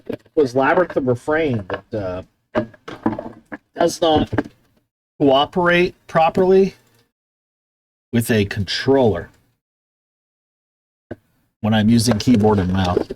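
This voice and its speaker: A woman's voice: very deep voice, sing-song, slow, pauses often, darkish tone. A woman streamer chatting casually to herself and her viewers at the start of a live game stream, rambling and self-talking. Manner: rambling, self-talk, coos at her pet.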